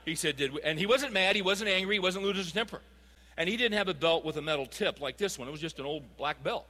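A man's voice: a little high, brisk, sharp tone. A man preaching a sermon as pastor, speaking emphatically and putting rhetorical questions to his congregation. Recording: long reverb of a large hall.

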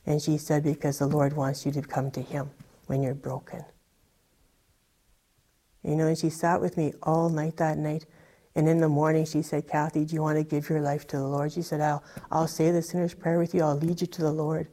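A woman's voice: sits low, flat delivery, normal speed, warm tone. A woman telling her personal testimony in a conversational way, full of fillers like "like" and "you know". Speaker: guest giving a testimony.

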